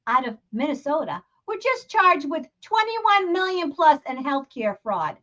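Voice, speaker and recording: A woman's voice: high voice, big pitch swings, measured pace, few pauses, a bit bright, lo-fi sound. A woman with a Boston accent hosting a live stream, ranting profanely and laughing as she comments. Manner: profane, heated, laughing rants. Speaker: host. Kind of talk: livestream commentary.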